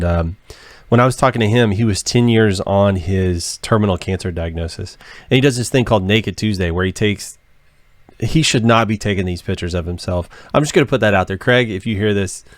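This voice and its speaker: A male podcast host with a lowish voice talks in a relaxed, slangy way, loose and unhurried. The sound is dry and close to the mic. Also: no room sound. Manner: laid-back, talks in loose slangy bursts. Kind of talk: casual podcast chat.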